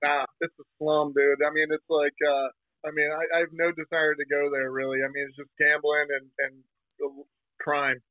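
A man's voice: fairly high pitch, little pitch movement, no echo. Brash man on a tinny phone line. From New Jersey. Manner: brash, slangy, talks in quick bursts. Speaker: guest, fishing TV host. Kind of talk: casual interview.

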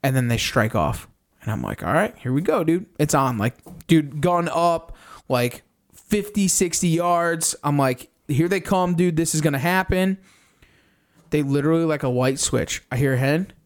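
A young man on a podcast, casually recounting a hunt in animated detail, swearing often and acting out his own reactions. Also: a little high, a little slow. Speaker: podcast co-host. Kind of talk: casual storytelling recap.

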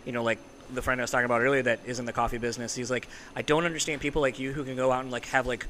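A man interviewing a guest in a loose, relaxed chat, with lots of fillers like "like" and "you know.". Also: medium pitch, rapid-fire, slight background noise.

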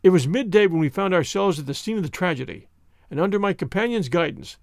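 A man narrating a classic detective story for an audiobook in a measured storytelling way, on a close mic. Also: high voice, animated, gravelly, dry recording.

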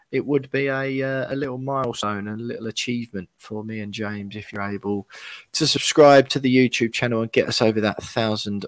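A young man from England hosts a podcast of casual chat and podcast plugs, bantering in a matter-of-fact way. His voice is mid-range and a bit bright, and the recording is dry.

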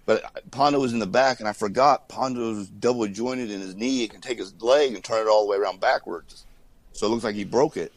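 A man, a former wrestler, telling stories in a casual interview, animated and laughing often while he acts out what people said. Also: fairly low pitch, a little fast, no room sound, rough recording.

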